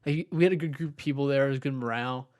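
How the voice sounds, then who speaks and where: A man's voice: mid-range voice, racing, darkish tone. A young man co-hosting a podcast, telling a long story in a rambling, casual way with lots of filler words. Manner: rambling storytelling with many likes. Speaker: podcast co-host. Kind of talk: casual chat.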